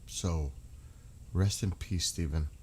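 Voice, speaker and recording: A middle-aged man streaming live, talking in a halting, emotional way with many restarts. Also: sits low, darkish tone, slight background noise. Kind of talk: casual live-stream talk.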